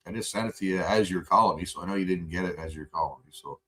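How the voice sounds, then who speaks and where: A man's voice: low voice, quick pace, a bit bright. A male livestream host in a profane, rambling casual rant, laughing often.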